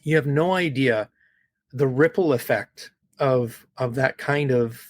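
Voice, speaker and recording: A man's voice: mid-range voice, unhurried, dry recording. A man talking as a podcast guest, telling stories in an earnest, heartfelt way and often checking in with "right?". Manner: heartfelt, repeats words and asks "right?". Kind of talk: earnest conversational storytelling.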